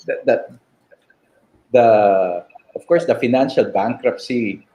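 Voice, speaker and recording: A man in his fifties with a Filipino English accent, sharing a personal testimony in an interview, reflective and halting. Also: mid-range voice, dark tone, rough recording. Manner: slow and reflective, halting restarts, "diba" tags. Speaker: guest.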